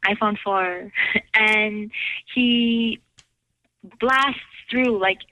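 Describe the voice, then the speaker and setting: A woman's voice: mid-range voice, fairly even intonation, drawn-out words, no echo. Giggly woman calling in, muffled. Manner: giggly, rambling, lots of fillers. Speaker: caller. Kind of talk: casual chat.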